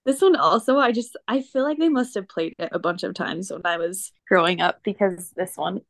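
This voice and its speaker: A woman's voice: mid-range voice, moderate pace. A woman hosting a casual podcast chat, giggling often as she retells favorite cartoon scenes and mimics the characters. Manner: giggly, quotes characters in playful voices. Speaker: podcast host.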